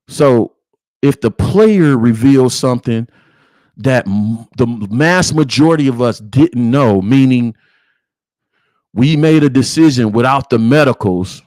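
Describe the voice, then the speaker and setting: A man's voice: medium pitch, animated, unhurried, a little mellow, no room sound. A man hosting a live sports reaction stream, talking bluntly and with heat, swearing and repeating "you know what I'm saying". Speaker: sports channel host.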